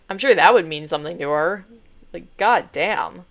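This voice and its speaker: A woman's voice: on the low side, moderate pace. A woman streaming a game playthrough, chatty and filler-heavy, narrating and reacting between lines.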